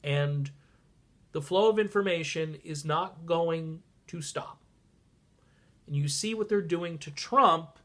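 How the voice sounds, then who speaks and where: A man with a congested, stuffy voice rants casually on his vlog, his pitch sitting a little high for a man. He is sarcastic and animated, dropping to low mutters and then jumping into sudden loud outbursts. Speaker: political vlogger. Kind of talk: casual political vlog rant.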